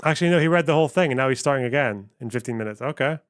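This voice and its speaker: A man's voice: mid-range voice, very fast, clean tone, no room sound. Offhand, chuckling male streamer, dry sound. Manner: offhand, chuckling, muttering to himself. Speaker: streamer host reacting to clips. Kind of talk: casual live-stream chat.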